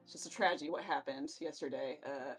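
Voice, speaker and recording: A woman's voice: sits low, fast, husky, soft background music, voice pushed down. A woman voicing an awkward young male wizard mourner who talks in a rambling, unsure way.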